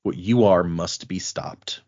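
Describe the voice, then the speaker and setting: A man voicing a stern male enforcer of the law, going low and solemn with measured delivery. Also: warm tone, lo-fi sound.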